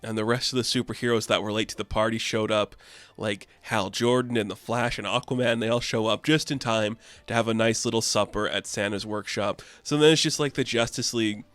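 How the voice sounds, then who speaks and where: A man's voice: lowish voice, steady tone, brisk, a bit bright, no echo. Chatty, offhand man with a dry sound. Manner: offhand, chatty, many fillers. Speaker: comic book reviewer. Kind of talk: casual comic recap.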